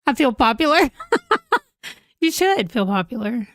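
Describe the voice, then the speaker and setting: A woman's voice: fairly high pitch, big pitch swings, unhurried. A woman, chatting casually on a livestream at home, giggling as she reacts to viewer comments. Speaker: livestream host. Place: home room, holding a pet.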